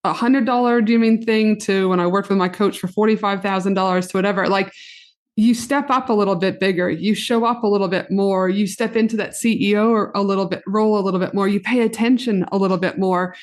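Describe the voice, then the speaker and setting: A woman hosting a podcast over a video call, chatting casually and giggling while she tells quick animated stories. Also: medium pitch. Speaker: podcast host, business coach. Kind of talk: casual interview chat.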